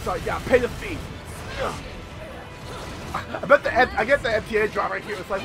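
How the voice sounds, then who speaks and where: A young man giving casual, excitable commentary while playing a video game, swearing and repeating lines from the game. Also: very high-pitched, moderate pace, gravelly, over music. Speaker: gameplay video host. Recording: loud game soundtrack behind.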